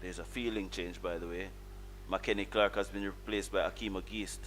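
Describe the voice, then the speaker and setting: A man with a Caribbean accent giving calm, measured colour commentary on a live cricket match and explaining tactics. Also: deep voice, slight background noise. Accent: Caribbean English. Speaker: cricket analyst.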